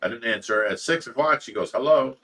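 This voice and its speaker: A man's voice: on the low side, animated, fast, sharp tone, breathy edge. A middle-aged man hosting a casual livestream, laughing often and reading viewer comments aloud. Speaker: livestream host reading chat. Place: fish room at home.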